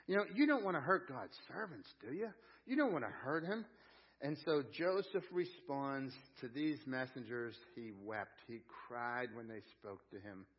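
A man's voice: on the high side, animated, moderate pace, husky. A man preaching a sermon as pastor, telling homely stories in an emphatic, colloquial way. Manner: folksy storytelling, emphatic, colloquial. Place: church sanctuary. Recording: dull lo-fi sound with long hall reverb.

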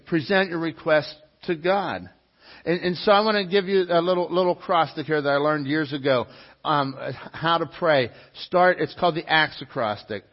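A man preaching a sermon as pastor, earnest, repeating key phrases and dropping soft and low when quoting scripture. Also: muffled recording.

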